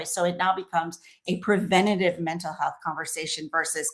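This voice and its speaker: Lower-pitched woman, animated podcast guest. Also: a little fast, hardly any pauses. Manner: animated, lists examples and acts out quotes. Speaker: guest, company founder. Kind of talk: podcast conversation.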